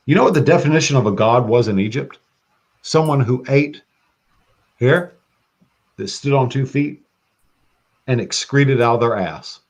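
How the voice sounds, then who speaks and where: Profane, excitable man on a lo-fi mic. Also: mid-range voice, measured pace, long pauses. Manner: profane, excitable, laughs often. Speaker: guest practitioner. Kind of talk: casual podcast chat.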